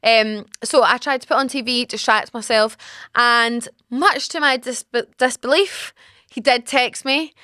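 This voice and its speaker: A woman's voice: a little high, measured pace, no echo, studio quality. A woman in her twenties hosting a podcast, telling a story casually and with animation, laughing often and acting out what people said. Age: 20s. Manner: animated, laughing, acts out quotes. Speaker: podcast host.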